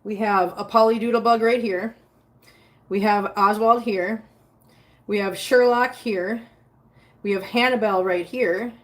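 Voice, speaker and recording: Speaking at medium pitch in a steady, unhurried way with long pauses, a woman cleans litter boxes at home among many cats during a live stream. She reads the chat, laughs often and addresses her cats, recorded by a nearby phone in an echoey room.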